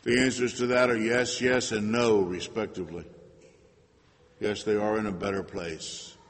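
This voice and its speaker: A man preaching a sermon in an earnest way, moving between loud emphasis and hushed asides. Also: fairly low pitch, level tone, normal speed. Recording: long hall reverb.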